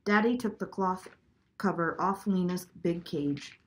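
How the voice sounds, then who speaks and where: A woman reading a children's chapter book aloud at a clear, steady pace. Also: lowish voice, a little slow, slight background noise. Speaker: storybook reader.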